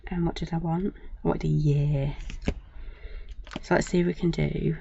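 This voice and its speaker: A woman's voice: low voice, flat delivery, moderate pace, gravelly, mellow, a little hiss or hum. A woman demonstrating a stamp set live, chatting as she works and asking her viewers questions as she goes. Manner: chatty, thinks aloud, many tag questions. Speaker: craft demonstrator. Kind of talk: live crafting demo chat. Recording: dull lo-fi stream audio.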